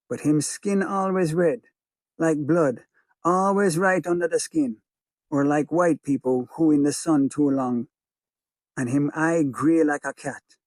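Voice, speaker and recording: A man with a Jamaican accent reads a first-person story in patois, in a rhythmic, hushed way. His voice is slightly high for a man, and the close studio mic leaves it dry. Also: dry recording. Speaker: audiobook narrator. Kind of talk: first-person audiobook narration of a child's memory.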